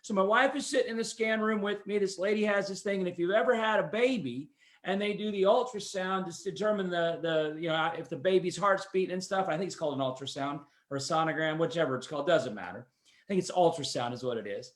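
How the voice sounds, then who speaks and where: In a quick, high-pitched voice, a man hosting a podcast drifts through a personal tale. He keeps it conversational and pokes fun at himself along the way.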